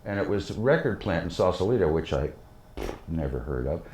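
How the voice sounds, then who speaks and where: A man's voice: low voice, very animated, moderate pace, darkish tone. An older man, a guest musician, tells rambling stories full of fillers in an interview on a living-room studio set. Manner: rambling, anecdotal with many fillers. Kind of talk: storytelling interview. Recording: roomy studio sound.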